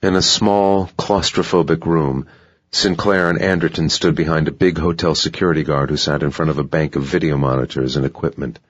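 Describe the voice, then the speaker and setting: A male narrator with an extremely deep, husky voice reads the story in a steady, even manner. The recording is dry and dull, like a muffled audiobook. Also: a little fast, no echo. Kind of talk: scripted narration.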